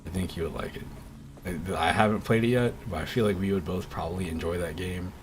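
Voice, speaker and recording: A man's voice: deep voice, steady tone, fast, background noise. A man streaming games from home, chatting casually and rambling with lots of fillers and restarts. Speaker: game streamer. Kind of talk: casual streaming chat while playing.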